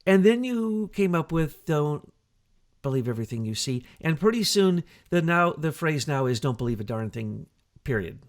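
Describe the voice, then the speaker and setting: Gravelly, animated man. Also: fairly high pitch, normal speed. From United States. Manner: animated, emphatic, rhetorical questions. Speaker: co-host. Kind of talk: conversational talk show discussion.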